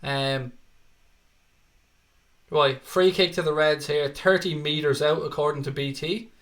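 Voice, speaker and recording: Irish male host, Dublin accent, slightly higher voice, loose and sweary, reads chat between match updates. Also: takes it slowly, fairly bright tone. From Ireland. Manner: chatty, swears freely, reads viewer comments aloud. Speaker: livestream host. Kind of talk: live match watchalong commentary and chat.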